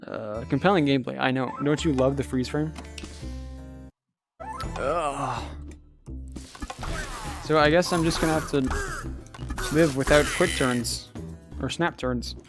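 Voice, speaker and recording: A young man with a medium-pitched voice livestreams a game, speaking unhurriedly with long pauses as game music plays behind him. Worn out from a very long stream, he chats casually with viewers while playing, cracking wry, self-mocking jokes.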